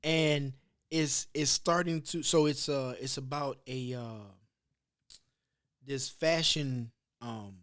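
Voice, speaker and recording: A man's voice: medium pitch, takes it slowly, fairly bright tone. A man hosting a podcast, telling rambling, profane stories in casual chat. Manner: rambling storyteller, loose and profane. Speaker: podcast host.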